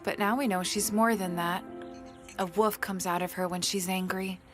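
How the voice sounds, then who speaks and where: An actress playing a sharp-tongued, scornful woman in a dubbed TV drama. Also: medium pitch, steady tone, normal speed, faint music behind, close to an everyday voice.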